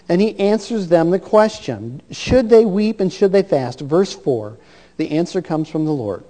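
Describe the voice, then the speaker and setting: A male pastor delivers an earnest sermon, often repeating words as he presses a point. His voice sits a little high but sounds mellow and dark. A long reverb trails behind him as in a big church hall.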